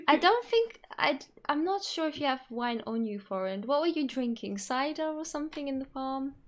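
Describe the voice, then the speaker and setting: A woman's voice: sits high, very animated, moderate pace. Chatty, giggly woman player. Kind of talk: playing a character at the table.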